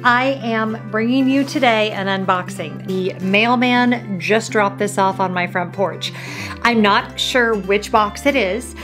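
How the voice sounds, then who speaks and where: A woman's voice: mid-range voice, takes it slowly, over music. A woman hosting a casual unboxing vlog, chatting with her viewers in an upbeat way while sitting on her home office floor. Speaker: host.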